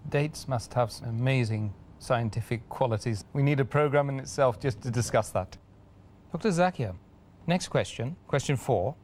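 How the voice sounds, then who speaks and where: A man's voice: mid-range voice, moderate pace, darkish tone, a little hiss or hum. A man hosting an interview, politely thanking his guest and reading out audience questions. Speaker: host.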